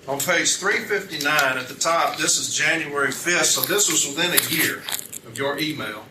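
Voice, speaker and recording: A man's voice: fairly high pitch, moderate pace. A man, a union advocate at an arbitration hearing, methodically citing page numbers, reading documents aloud and putting pointed questions to a witness. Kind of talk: arbitration hearing cross-examination. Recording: roomy, distant mic with background noise.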